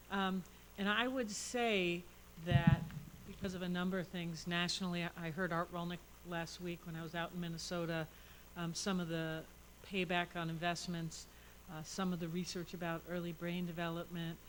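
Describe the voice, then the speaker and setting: A woman serving as a state senator on a panel, answering in an animated, anecdotal way. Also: on the low side, moderate pace, a little hiss or hum, rough recording. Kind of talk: panel discussion.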